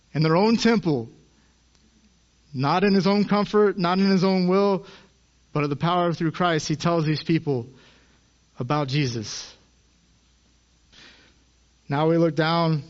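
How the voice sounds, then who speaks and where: A man in his thirties preaching with earnest conviction, his voice a little higher than most men's. He lifts his voice to act out the people in the stories. The recording is dull and muffled. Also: a little slow, pauses often. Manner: earnest, acts out quoted voices with rising emphasis. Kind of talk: sermon.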